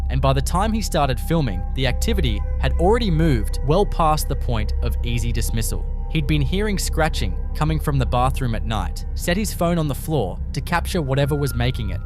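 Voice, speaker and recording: A man narrates a horror video compilation in a slow, ominous, carefully scripted voice. His pitch sits in an ordinary middle range. Quiet music plays softly beneath him.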